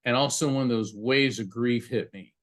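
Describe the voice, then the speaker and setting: A man with a middle-pitched voice talks through a personal story on a podcast. He stops often and repeats his words, and his telling stays heartfelt. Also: moderate pace. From United States. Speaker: psychic medium and attorney, podcast guest.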